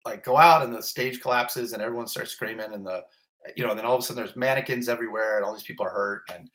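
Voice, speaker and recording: Here a man being interviewed tells his own story with real feeling, his medium-pitched voice breaking into gasps and exclamations. The telling is rambling and full of restarts.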